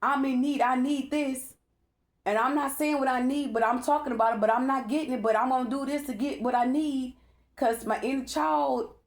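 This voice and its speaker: A woman giving a casual spiritual reading, emphatic and profane, talking straight to her viewers. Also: on the high side. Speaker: spiritual tarot reader.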